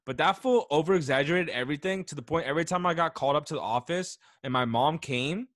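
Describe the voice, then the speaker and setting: A man's voice: on the high side, fast, a bit bright, no echo, studio quality. A young man co-hosting a podcast, rambling casually with many fillers. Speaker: podcast co-host. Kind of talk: casual chat.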